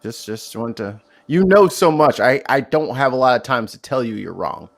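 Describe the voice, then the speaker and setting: A man's voice: mid-range voice, lively intonation, normal speed, creaky. A man co-hosting a casual live-stream chat, telling stories in a slangy, laid-back way. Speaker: co-host.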